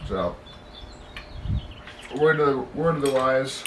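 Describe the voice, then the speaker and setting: A man's voice: medium pitch, expressive, slow pace, noisy background. A man working on a car, explaining the repair step by step in a casual, self-deprecating way and muttering to himself as he works. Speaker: mechanic demonstrating a repair. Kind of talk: casual how-to narration while working. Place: garage workshop. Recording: roomy garage, mic far off, clanking tools.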